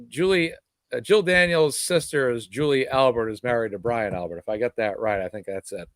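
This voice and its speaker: Guy on a live stream roundtable, mid-pitch voice, stops and restarts a lot, jokey, dry sound. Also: clear, resonant tone, dry recording. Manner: halting, restarts phrases, joking asides. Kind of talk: casual live-stream chat.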